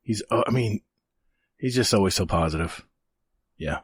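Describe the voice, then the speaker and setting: A middle-aged man hosting a casual podcast, low-key and wry. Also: lively intonation, moderate pace, breathy edge. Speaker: podcast host.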